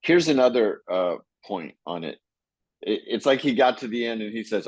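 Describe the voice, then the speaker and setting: A man co-hosting a casual book chat, reading passages aloud and thinking out loud with many fillers and restarts. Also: fairly low pitch, lively intonation, normal speed, dry recording, rough recording. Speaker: podcast co-host.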